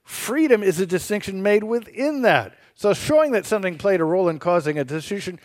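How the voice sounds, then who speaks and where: A man with a high, lively voice argues a philosophical point and slips in sarcasm and laughs. He sounds close to the microphone in a dry, dead room. He has the easy confidence of a radio co-host. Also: brisk, dry recording. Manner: sarcastic, teasing; laughs while arguing. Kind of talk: philosophical debate.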